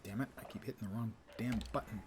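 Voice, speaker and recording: A man's voice: lowish voice, steady tone, fast talker, noisy background. Wry man muttering through gameplay. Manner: wry, mutters to himself, reads quest text aloud. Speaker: game streamer. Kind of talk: casual live gameplay commentary.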